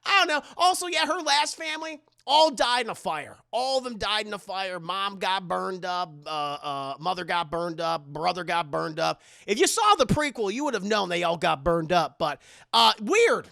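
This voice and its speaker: A man recapping a movie for his live chat, excitable and profane, laughing as he goes. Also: high-pitched, normal speed, gravelly, no room sound, studio quality. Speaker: streamer reviewing a movie.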